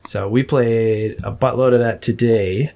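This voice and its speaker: A man in his thirties co-hosting a podcast, telling relaxed stories in casual chat with plenty of fillers. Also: medium pitch, a little slow, creaky. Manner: relaxed storytelling with many fillers. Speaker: podcast co-host.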